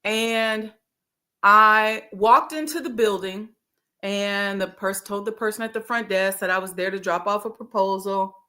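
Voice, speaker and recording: Bright animated woman telling a story. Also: mid-range voice, unhurried. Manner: animated storyteller acting out her own inner voice; casual, conversational with frequent fillers. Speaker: host, life coach. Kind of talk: storytelling monologue.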